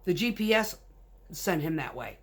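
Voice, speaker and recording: A woman with a fairly low voice tells work stories in a blunt, casual way. She drives a concrete mixer truck and swears freely as she talks, keeping it loose and unpolished. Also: lively intonation, moderate pace, slightly rough. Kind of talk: casual storytelling.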